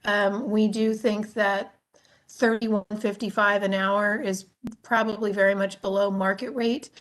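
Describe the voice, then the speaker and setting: A woman who works as a state agency official, giving formal testimony to a legislative committee in a measured, explanatory way with frequent filler sounds. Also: medium pitch, little pitch movement.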